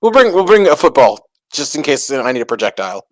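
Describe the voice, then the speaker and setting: Laid-back tabletop player, lively pitch. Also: quick pace, no echo. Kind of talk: casual tabletop play.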